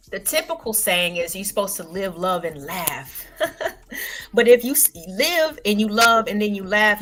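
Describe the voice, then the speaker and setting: A woman's voice: medium pitch, fairly bright tone. Chatty woman livestreaming over music. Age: adult parent. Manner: loose and chatty, full of fillers and slang. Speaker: livestream host. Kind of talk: casual livestream monologue. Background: faint background music.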